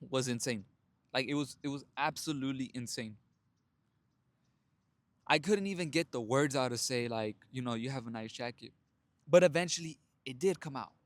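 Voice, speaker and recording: A man's voice: medium pitch, no echo. A young man telling his own story in a casual motivational monologue, blunt and profane, calling his listeners brothers and laughing often. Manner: animated storytelling with frequent laughs. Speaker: self-help vlogger.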